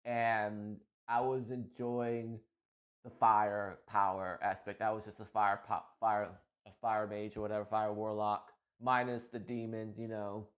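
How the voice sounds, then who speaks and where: A gaming content creator chats casually about a game, rambling, often repeating himself, and laughing easily. His voice is on the low side and unhurried.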